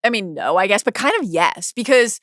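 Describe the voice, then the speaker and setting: Lively bright-voiced woman podcast co-host. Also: medium pitch, no echo, clean studio sound. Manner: animated, quick asides and restarts. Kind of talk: casual TV recap chat.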